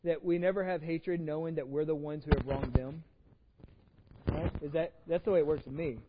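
A man with a Texan accent preaches a sermon in a casual, conversational way, often doubling words as he begins a thought. His voice sits fairly high. The recording is dull and muffled, with a long reverb from the church hall. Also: fairly even intonation, normal speed, background noise. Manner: conversational, repeats words when starting phrases. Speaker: pastor. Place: church sanctuary.

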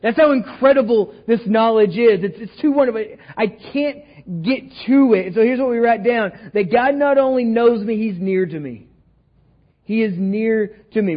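Joking Texan pastor, dull recording. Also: male voice, sits high. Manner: conversational, jokey, asks the room "right?" often. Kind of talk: sermon. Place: church sanctuary.

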